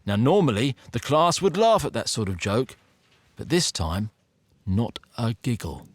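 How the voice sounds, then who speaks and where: A man reading a first-person ghost story aloud, building suspense with an expressive delivery. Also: medium pitch, measured pace, dry recording.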